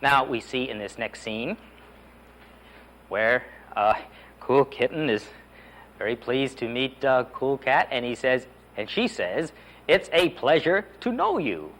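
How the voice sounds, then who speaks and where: Speaking slowly with frequent pauses, a man with a mid-range, slightly bright voice leads an animated beginner Spanish lesson. He's enthusiastic, running phrase drills and prompting learners to say them back.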